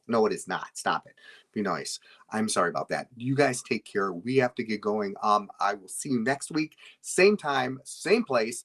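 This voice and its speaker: A man's voice: lowish voice, normal speed. Playful hypnotist guy, coaxing, voice all over the place, echoey room. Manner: playful, coaxing, bursts of excited exclamations. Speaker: stage hypnotist and host. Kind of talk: playful live hypnosis demo. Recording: roomy echo.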